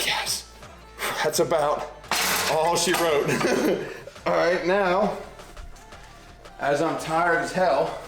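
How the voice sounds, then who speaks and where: Man, fitness coach, slow unhurried delivery, counting reps, roomy home gym, music behind. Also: medium pitch. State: out of breath. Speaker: fitness trainer. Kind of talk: workout instruction.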